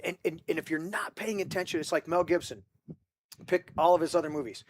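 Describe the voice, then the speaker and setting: Guy hosting a movie chat podcast, kinda high voice, rambles and restarts a lot, slight hiss behind. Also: brisk. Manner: rambling storyteller with many restarts, acts out quotes. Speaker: podcast host. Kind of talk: casual group chat about movies.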